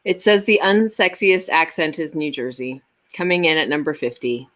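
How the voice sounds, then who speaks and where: A woman reads items aloud and laughs easily during a casual co-hosted chat. Her voice is bright and sharp but sits a little low. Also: normal speed. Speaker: co-host.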